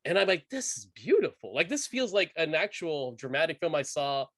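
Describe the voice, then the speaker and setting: Animated man chatting about films. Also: a little high, fairly quick, no room sound, clean studio sound. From United States. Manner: animated, enthusiastic, many fillers and restarts. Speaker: podcast co-host. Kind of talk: casual film discussion.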